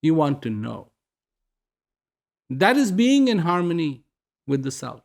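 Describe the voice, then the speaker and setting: Spiritual speaker, male, unhurried and questioning, lively pitch with a gravelly texture. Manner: slow, questioning, rhetorical. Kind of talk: reflective personal message.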